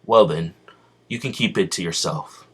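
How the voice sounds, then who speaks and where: An aloof young hero speaks in an offhand, matter-of-fact way, as a man quotes him while telling a story. The voice stays low. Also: moderate pace, slightly rough.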